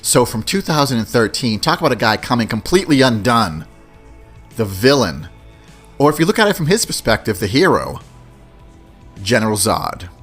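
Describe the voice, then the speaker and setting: A man's voice: medium pitch, big pitch swings, normal speed, long pauses, a bit bright, husky, faint music behind. A man in his forties hosting a solo podcast, talking loosely and casually, often tossing in "you know what I mean". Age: 40s. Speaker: podcast host. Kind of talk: solo podcast movie countdown.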